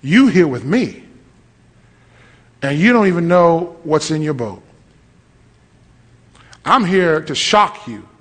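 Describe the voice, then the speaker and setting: A preacher man delivering a lively storytelling sermon, acting out voices and rising to shouts. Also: a little high, slow pace, pauses often. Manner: animated, acts out voices, shouts at peaks. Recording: long hall reverb.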